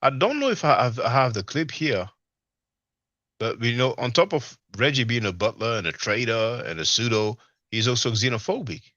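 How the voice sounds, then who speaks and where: Bright-voiced man hosting a live stream. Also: mid-range voice, expressive, normal speed, dry recording, lo-fi sound. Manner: rambling, many fillers, quotes others mockingly. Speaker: livestream panel host. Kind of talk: casual call-in commentary.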